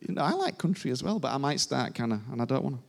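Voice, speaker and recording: Man, preacher, sermon, gravelly, emphatic and repetitive, church congregation. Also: medium pitch, very animated, very fast. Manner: informal, emphatic, repeats phrases. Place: church service before a congregation.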